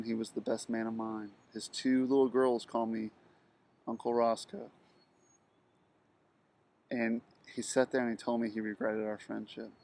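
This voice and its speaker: Middle-aged man, monotone delivery, halting personal monologue full of restarts. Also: mid-range voice. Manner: halting, with frequent ums and restarts, flat delivery. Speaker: video blogger telling a personal story.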